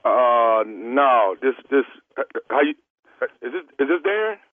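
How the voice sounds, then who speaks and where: A man's voice: medium pitch, very animated, unhurried, no room sound. A man making a prank phone call as a radio host, laid-back and laughing easily, stammering while he plays his part. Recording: tinny phone line.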